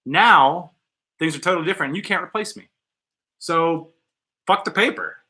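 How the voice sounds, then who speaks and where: A man's voice: fairly high pitch, moderate pace, sharp tone. A man hosting a casual podcast chat in a studio, blunt and joking, with some profanity. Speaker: podcast host.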